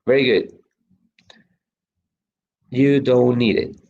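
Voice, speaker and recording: English teacher guy, rambly and chatty, lots of um and well, middle pitch, kinda muffled audio. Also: fairly even intonation, slow pace, darkish tone. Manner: chatty, lots of fillers and restarts. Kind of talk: online class, reading student chat.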